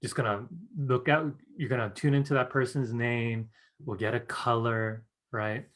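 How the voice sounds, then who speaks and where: A man's voice: mid-range voice, fairly even intonation, normal speed, fairly bright tone. Chatty man leading a live psychic class. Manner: chatty, fills with "you guys" and "right?"; earnest and upbeat, laughs often. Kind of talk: live-streamed teaching talk.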